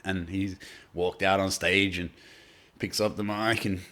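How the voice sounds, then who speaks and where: An Australian man in casual podcast chat, telling animated anecdotes and swearing freely. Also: low-pitched, a little slow. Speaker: podcast guest, artist.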